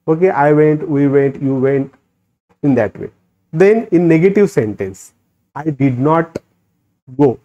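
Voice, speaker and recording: A male teacher with an Indian English accent talks through a grammar lesson at a very slow, deliberate pace. His voice sits a little high yet sounds mellow. The recording is dull and lo-fi. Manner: slow, drilling sentence patterns with rising emphasis.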